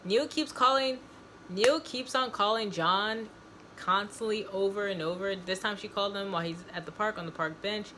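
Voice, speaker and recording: A woman's voice: mid-range voice, moderate pace, sharp tone, a little hiss or hum. A woman host casually recapping a story, rambling and repeating herself as she explains.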